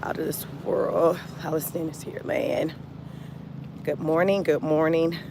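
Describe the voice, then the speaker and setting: A woman's voice: low voice, measured pace, background noise. Chatty woman doing live commentary. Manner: animated, chatty, addresses viewers as y'all. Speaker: commentary vlogger. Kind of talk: casual live-stream commentary.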